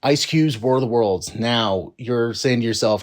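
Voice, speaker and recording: Exasperated man ranting about movies. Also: a little slow. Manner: exasperated, profane, swings between low mutters and loud rising outbursts. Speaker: movie reviewer. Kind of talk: casual ranting movie review.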